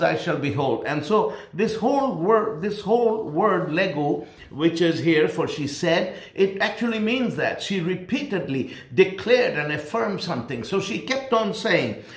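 A man's voice: high voice, roomy sound. A man preaching a sermon with emphasis, repeating key phrases for stress.

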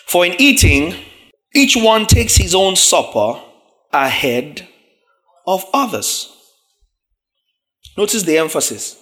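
A man preaching in a slightly higher voice than most men. He reads passages aloud and stops to unpack single words. He asks the congregation quick questions as he goes. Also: sing-song, fairly bright tone. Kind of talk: sermon, teaching from scripture.

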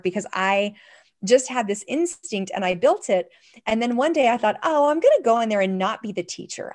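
Enthusiastic middle-aged woman, organizing coach, animated interview guest, mid-pitched voice. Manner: enthusiastic, animated, jumps up in pitch when excited. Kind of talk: casual interview chat.

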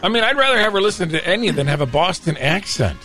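Animated bright-voiced male radio host. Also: high voice, quick pace, faint music behind. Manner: joking, animated, game-show style. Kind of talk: casual comedic radio banter.

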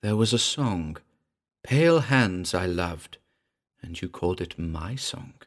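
A man's voice: low voice, animated, slow pace. A man voicing the ghost of a dead actress, speaking tenderly and sadly in a throbbing contralto. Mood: sorrowful. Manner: tender, mournful.

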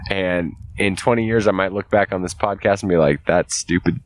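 Man, very low voice, profane, animated, laughs often, casual podcast co-host. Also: a little fast.

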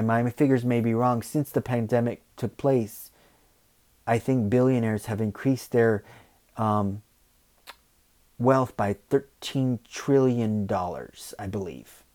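A man's voice: mid-range voice, warm tone. A man hosting a podcast, ranting opinionatedly and often checking in with "you know" and "okay". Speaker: podcast host.

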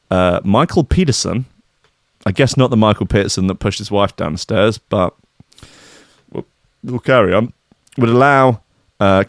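Man, radio host, sarcastic, chatty, animated pitch. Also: no room sound, studio quality. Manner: sarcastic, chatty, laughs often. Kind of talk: casual chat show.

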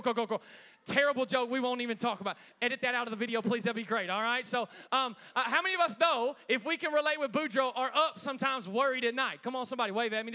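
A man preaching to a church congregation, lively and chatty, often calling on the room to respond. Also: very high-pitched. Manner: energetic, engages congregation with call-outs. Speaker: pastor. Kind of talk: sermon.

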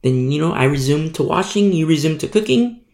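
A man with a slightly high, creaky, somewhat mellow voice delivers a Bible-teaching sermon, animated and a little fast. He keeps it conversational and acts out small scenes along the way. The room is echoey.

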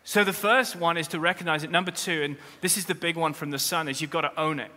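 Bright, forceful male preacher in a hall. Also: steady tone, fast talker. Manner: emphatic preaching that swells to loud, high-pitched peaks; direct address to the congregation with humorous asides. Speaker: pastor. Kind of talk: sermon. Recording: long reverb of a large hall.

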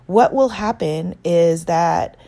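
Low, gravelly woman coaching self-acceptance. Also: takes it slowly, dark tone. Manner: earnest, encouraging, coaching. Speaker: self-help author and manifestation coach. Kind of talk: guided self-help talk.

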